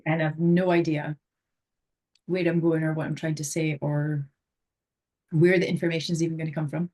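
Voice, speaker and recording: A woman's voice: low-pitched, little pitch movement, normal speed, mellow. A woman co-hosting a podcast, speaking in an earnest, candid way. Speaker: podcast co-host. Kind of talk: casual conversational podcast chat.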